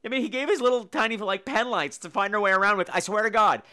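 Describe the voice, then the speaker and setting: A man's voice: high voice, fast talker, clear, resonant tone. A man hosting a podcast, telling a personal story in a theatrical, comedic way, swearing freely. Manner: animated, profane, theatrical, acts out quotes. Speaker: podcast host.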